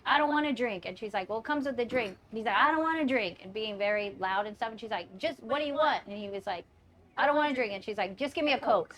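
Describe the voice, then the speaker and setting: A woman's voice: on the high side, slight background noise. A young woman telling a drunken party story in casual chat. She swears freely, laughs often and acts out the voices of the people she quotes. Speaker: podcast co-host telling a story.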